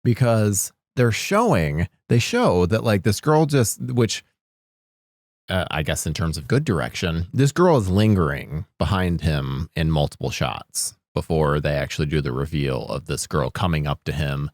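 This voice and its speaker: A man's voice: sits low, animated, unhurried, dry recording, clean studio sound. A man co-hosting a podcast, rambling casually and acting out lines from scenes. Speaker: podcast co-host. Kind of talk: casual chat.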